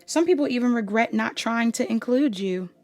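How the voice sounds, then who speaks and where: A woman's voice: on the high side, lively intonation, normal speed, a little mellow, no room sound, soft background music. A woman giving a casual pick-a-card tarot reading, rambling and often saying "like". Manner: casual, rambling, heavy use of "like". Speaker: tarot reader.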